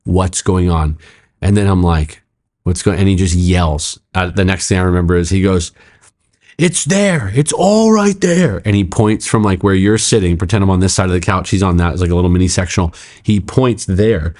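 A pastor telling a story in casual conversation, animated and acting out quotes, with frequent laughter. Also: male voice, low-pitched, fast, hardly any pauses. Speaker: pastor, podcast guest.

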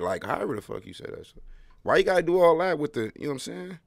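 A man's voice: a little high, huge pitch swings, moderate pace, creaky, bright, forceful tone, no room sound, studio quality. A man hosting his own podcast, talking in a slangy, rambling solo monologue with wry, emphatic storytelling. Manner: slangy, rambling, keeps tagging "bro". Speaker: podcast host.

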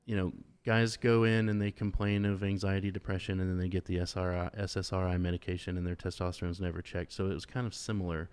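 A man's voice: low voice, level tone, fast talker, hardly any pauses, a little mellow, clear, resonant tone. A man hosting a casual podcast, talking frankly and joking loosely. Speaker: podcast host.

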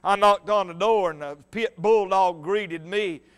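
A male evangelist preaching a fervent revival sermon, building to shouts and quoting old scripture. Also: sits high, a little slow, clean tone. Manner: impassioned, rising to shouts, quotes old scripture.

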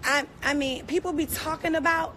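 In an echoey hotel room with faint noise, a Baltimore, USA celebrity delivers an angry live-stream rant into her phone. Her high voice keeps a fairly even intonation at a moderate pace while she indignantly, emotionally repeats herself.

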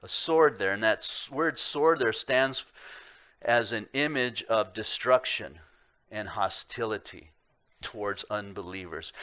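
A man preaching a sermon as pastor, earnest and emphatic, asking the congregation rhetorical questions and swinging between loud emphasis and quiet low remarks. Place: church sanctuary.

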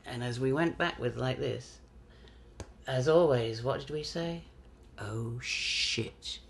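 A man's voice: medium pitch, a little slow, vocal fry, slightly rough. An English man in his fifties, telling a story in an interview and acting out the voices in it. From England. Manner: animated, acts out quoted voices. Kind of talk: anecdotal storytelling.

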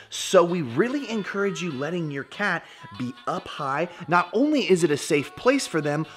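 A man's voice: on the high side, big pitch swings, normal speed, a bit bright, faint music behind. A man hosting a casual instructional pet vlog, playful and slangy in manner. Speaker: dog trainer vlogger.

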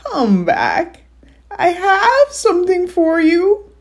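A woman voicing a huge, sly troll that coaxes children closer in a slow, half-whispered voice while reading a children's novel aloud. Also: extremely high pitch, wildly swooping pitch, creaky, voice pushed up, heavily acted. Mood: coaxing.

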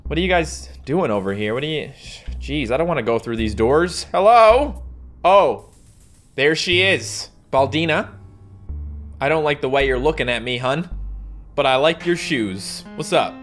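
A man doing jokey, excitable commentary while playing a video game, laughing often. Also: fairly high pitch, normal speed, faint music behind. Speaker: gaming YouTuber. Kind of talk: let's-play commentary.

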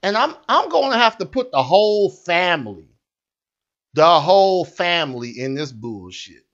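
Slow ranting guy, swings his pitch all over the place, blunt and cussing, muffled lo-fi sound. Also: very animated, a bit bright. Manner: blunt, profane and repetitive. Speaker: satirical news host. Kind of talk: angry comic rant.

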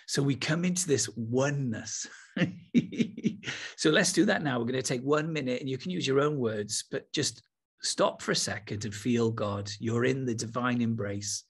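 A man teaching with enthusiasm, then slowing to a soft, unhurried pace to lead a guided meditation. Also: medium pitch, breathy edge. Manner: enthusiastic, then slow and soft when guiding. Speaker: spiritual teacher.

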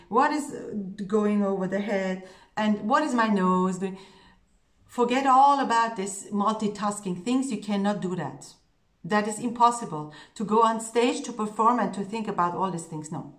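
Woman coaching singers in an echoey room. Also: a little high. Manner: earnest, coaching, checks in with "okay?" and "yeah?". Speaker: singing teacher. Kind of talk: voice lesson.

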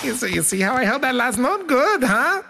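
An actor playing a scheming, theatrical evil scientist in a cartoon, with a nasal, melodramatic voice over background music. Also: male voice, extremely high pitch, very animated, moderate pace, vocal fry, full character voice. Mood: gloating. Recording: cartoon soundtrack with music behind.

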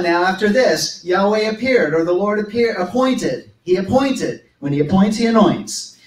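A man preaching a sermon at a church service, reading scripture aloud and breaking in with emphatic asides. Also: high voice. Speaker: pastor. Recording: echoey room, voice from a distance.

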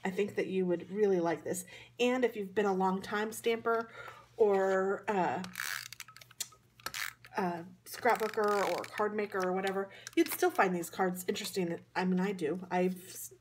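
In a mid-range voice with fairly even intonation and a moderate pace, a Midwestern woman leads a card-making tutorial from her hotel room. The craft vlogger is chatty and rambling, often self-deprecating, and there's slight background noise.

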